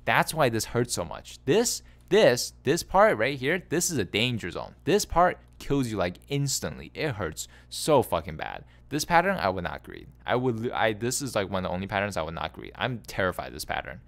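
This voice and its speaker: A man casually coaching a player through a gameplay review, animated and exasperated, repeating himself and laughing in disbelief. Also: lowish voice, normal speed, vocal fry, few pauses.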